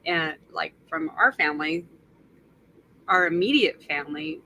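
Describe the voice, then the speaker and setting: A woman's voice: low-pitched, lively intonation, unhurried, bright, forceful tone, a little hiss or hum, rough recording. A woman guest vlogger in a casual interview chat, hesitant and often searching for words.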